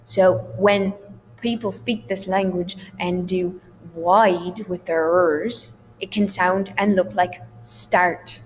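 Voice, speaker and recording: A woman's voice: lowish voice, fairly even intonation, slow. A woman theatre teacher giving a recorded dialect lesson, explaining sounds in a patient, reassuring way. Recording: long hall reverb, faint hum.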